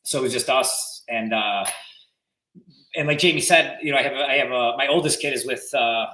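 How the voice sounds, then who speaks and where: A man's voice: mid-range voice, fairly quick, echoey room, a little hiss or hum, rough recording. A man telling a story in casual podcast chat, acting out what others said. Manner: animated storyteller acting out quotes. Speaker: real estate agent.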